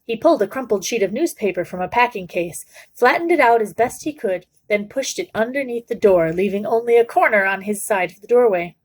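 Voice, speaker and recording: Woman reading a kids' novel out loud, steady and measured, medium pitch. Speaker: book club reader. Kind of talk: reading a children's novel aloud.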